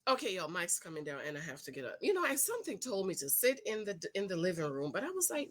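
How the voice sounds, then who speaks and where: Middle-aged woman vlogger; lively, expressive delivery, casual and chatty, addresses viewers directly. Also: medium pitch, quick pace, few pauses. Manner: animated, chatty, laughs often, talks straight to viewers. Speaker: TV show recap vlogger. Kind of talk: casual reaction commentary.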